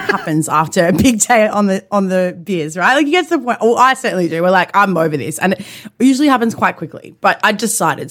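A woman spins a long story in relaxed conversation, laughing often as she tells it. Her voice sits at an ordinary middle pitch for a woman. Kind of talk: casual storytelling chat.

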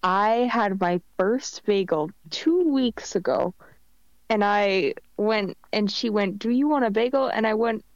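A woman's voice: medium pitch, measured pace, no room sound. A young woman co-hosting a podcast, telling a rambling, jokey story in casual chat. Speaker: podcast co-host. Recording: dull lo-fi mic.

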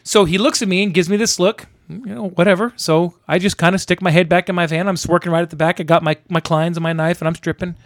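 Animated storytelling man, dry close sound. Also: sits high, fast, dry recording. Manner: animated, acts out angry shouting in quotes. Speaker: tradesman telling a story. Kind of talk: casual storytelling chat.

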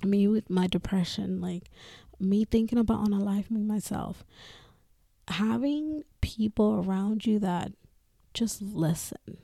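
A woman talks openly on her podcast, swearing freely and laughing between phrases. Her voice is gravelly and dark. The sound is dry and close. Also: medium pitch, unhurried, no echo. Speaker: podcast host. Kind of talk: casual personal talk.

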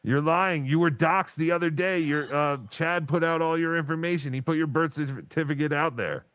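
A man's voice: a little high, normal speed, a bit bright, dry recording. Teasing man hosting a livestream. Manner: teasing, mock-bossy. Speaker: podcast host. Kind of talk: casual livestream banter.

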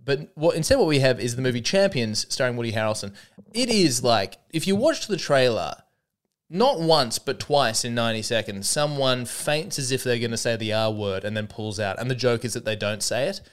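A man's voice: mid-range voice, expressive, normal speed. A young man hosting a solo comedy podcast, rambling and self-mocking as he jumps between bits.

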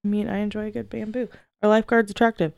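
A young woman guesting on a podcast, answering quick questions bluntly and playfully and giggling often. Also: medium pitch, flat delivery, gravelly, darkish tone, clear, resonant tone, no room sound, lo-fi sound. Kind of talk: casual chat, quick-fire answers.

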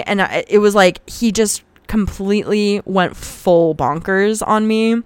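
A woman's voice: medium pitch, measured pace, few pauses, clean tone, no echo. A young woman hosting a podcast, telling a personal story in a frank, profane, casual way and getting heated as she retells arguments. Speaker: podcast host.

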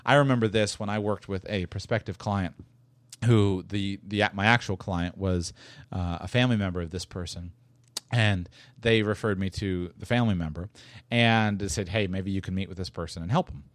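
Sitting low at a normal pace, the man's voice carries no echo as he hosts his solo podcast. His casual talk is emphatic and meandering, full of restarts and repetition, with chuckles slipped in mid-point.

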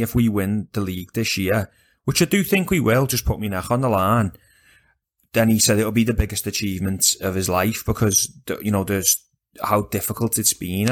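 A man chatting casually about football as a podcast co-host, animated and sweary, rambling with restarts. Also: lowish voice.

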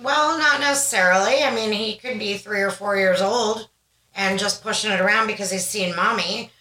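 Bright-voiced mom co-hosting a podcast. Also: female voice, mid-range voice, moderate pace. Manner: chatty storyteller, animated and reflective. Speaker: podcast co-host. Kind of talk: casual chat. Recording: roomy echo.

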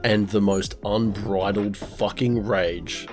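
A man's voice: fairly low pitch, takes it slowly, faint music behind. Laughing man telling a story. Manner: animated storyteller, swears a lot, laughs often. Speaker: podcast co-host. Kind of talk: casual chat.

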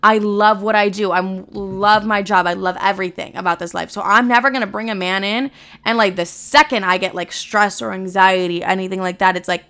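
A woman's voice: mid-range voice, steady tone, brisk, fairly bright tone. A woman in her twenties hosting a podcast, talking candidly in a rambling, profane style with lots of fillers. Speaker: podcast host. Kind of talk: casual chat.

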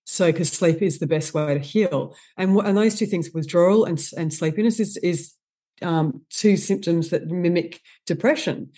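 A woman, a guest expert on stress, explaining with animated enthusiasm in a podcast interview. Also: on the low side, moderate pace. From Australia.

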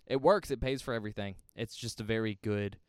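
With a lowish, clean-toned voice and no echo, a young man speaks a little fast. He co-hosts a casual movie podcast, teasing his friend, explaining film history, and becoming animated when he makes a point.

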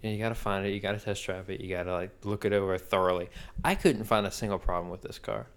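Brief: podcast co-host, male, low and resonant, relaxed rambling storyteller. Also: fast talker, clear, resonant tone. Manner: rambling storyteller, acts out quotes. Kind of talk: casual chat.

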